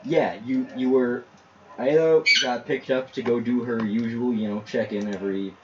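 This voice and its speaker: A man narrating a tabletop game as game master, describing scenes in halting, restarting phrases. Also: mid-range voice, fairly even intonation, lo-fi sound, background noise.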